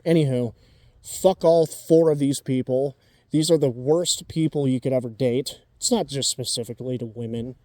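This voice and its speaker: A man's voice: mid-range voice, normal speed, mellow, no echo, studio quality. Blunt, profane man in his twenties. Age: 20s. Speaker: vlogger giving dating advice. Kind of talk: casual ranting monologue.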